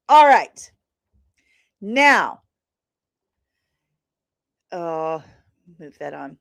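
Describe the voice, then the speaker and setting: A woman's voice: a little high, a bit bright, dry recording, clean studio sound. A woman hosting a livestream in a rambling, chatty way, tired after a long day of travel and laughing often. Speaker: livestream host. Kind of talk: casual chatty stream talk.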